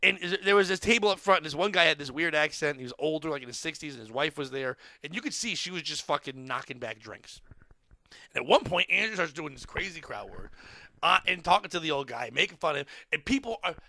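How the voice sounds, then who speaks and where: An excitable man with a high, gravelly voice tells a wild story on a podcast, swearing freely and yelping out the crowd's screams. His tone is bright and edgy, and the sound is close and dry with no room around it. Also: fast, no room sound. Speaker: comedian telling a story on a podcast. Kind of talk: animated storytelling.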